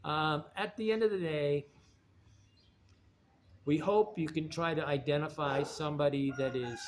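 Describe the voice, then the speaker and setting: A man with a somewhat high voice talks in a loose, wandering monologue. He often drops a sentence halfway and starts it again. A faint hum of ambience sits behind him. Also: measured pace. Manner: digressive, restarts sentences. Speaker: video essayist. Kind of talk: rambling spoken monologue.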